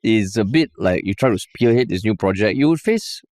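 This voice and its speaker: A man's voice: lowish voice, lively intonation, brisk, darkish tone, no echo, clean studio sound. A man with a Singaporean English accent, co-hosting a podcast in joking, casual banter. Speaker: podcast co-host. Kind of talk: casual chat.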